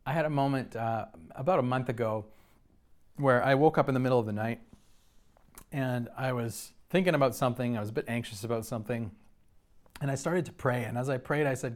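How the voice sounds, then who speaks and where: A man's voice: medium pitch, brisk. A man preaching a sermon, telling personal stories in an earnest way with frequent restarts. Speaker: pastor.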